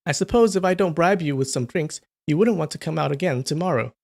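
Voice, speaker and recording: A man's voice: on the high side, fast, vocal fry, a little mellow. A man voicing a cocky, teasing young nobleman in a storybook reading. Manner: playful, teasing.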